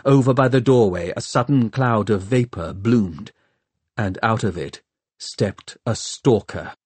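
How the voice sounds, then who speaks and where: A man narrating an audiobook in a measured, dramatic way. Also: lowish voice, darkish tone, slightly rough, no room sound.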